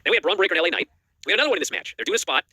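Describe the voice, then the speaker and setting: A man with a high voice co-hosts a wrestling news show, rapidly recapping matches in a casual, animated chat and acting out the quotes. There's no echo in the audio.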